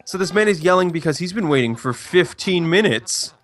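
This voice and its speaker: Casting note: young guy, slightly high voice, dry close mic, rambling storyteller. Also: expressive, brisk, a bit bright, no echo. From Canada. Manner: rambling, restarts a lot. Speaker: stream co-host. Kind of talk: casual storytelling.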